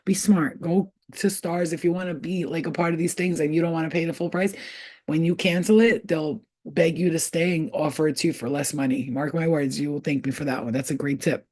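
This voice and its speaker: A woman's voice: deep voice, fairly quick, breathy edge. Blunt, chatty woman astrology reader. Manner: blunt, profane, animated, chatty. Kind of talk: casual livestream chat and reading.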